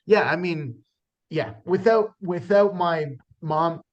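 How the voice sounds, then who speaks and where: A man's voice: high-pitched, slow, highs cut off. A man, a stand-up comedian, talking earnestly in a casual conversation, with frequent restarts and fillers.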